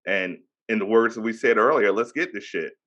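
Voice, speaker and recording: A man's voice: on the low side, a little fast, a bit bright, dull audio. A man in his thirties with a Hampton Roads Virginia accent, hosting a casual podcast interview and hyping up his guest in a loose, chatty way. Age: 30s. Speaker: podcast host.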